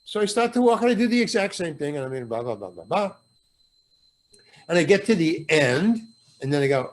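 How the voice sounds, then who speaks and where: As a podcast guest, the older actor tells an animated anecdote, doing voices for the people he quotes and swearing liberally. He sounds a little high and talks a little fast.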